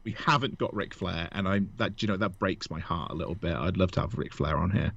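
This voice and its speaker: A man's voice: deep voice, fairly quick, gravelly, a bit bright, dry recording, lo-fi sound. A man co-hosting a casual podcast, joking, self-mocking and laughing often. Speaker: podcast co-host. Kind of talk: casual chat.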